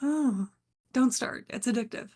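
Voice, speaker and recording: A woman author talking as a podcast guest in relaxed casual chat. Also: a little high, a little slow.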